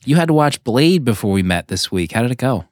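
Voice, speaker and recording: A man's voice: mid-range voice, very animated, a little fast, a little mellow, no echo, clean studio sound. A man co-hosting a film podcast, talking in a casual, playful way and teasing his co-host. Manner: playful, teasing, laughs often. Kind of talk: casual chat.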